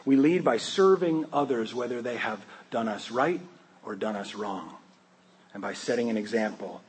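A man's voice: medium pitch, normal speed, slight background noise, poor audio. A man preaching a sermon in a conversational, joking way, often asking his listeners questions. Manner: conversational, humorous, asks the congregation questions. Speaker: pastor.

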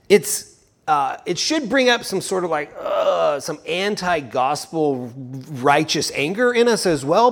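A man preaching a sermon to a congregation, animated, acting out quoted speakers as he teaches. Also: sits high.

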